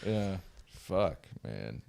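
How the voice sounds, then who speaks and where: A podcast co-host chimes in with short, cursing remarks. His voice is low and swings widely in pitch, and it sounds dry, close and free of any echo. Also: big pitch swings, drawn-out words, gravelly, darkish tone, clear, resonant tone. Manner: short profane interjections. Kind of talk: casual chat.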